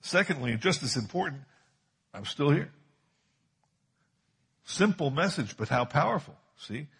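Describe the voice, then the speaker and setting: A man preaching a sermon with a husky, slightly breathy voice. He is emphatic and drives his points home by repeating key phrases. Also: fairly high pitch, expressive, unhurried, fairly bright tone. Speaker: pastor.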